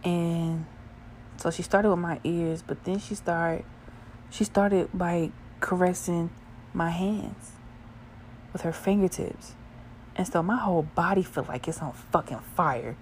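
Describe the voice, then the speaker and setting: A young woman telling a crude, profane story in a casual, animated way, often laughing. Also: on the low side, takes it slowly, a little hiss or hum. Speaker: vlogger.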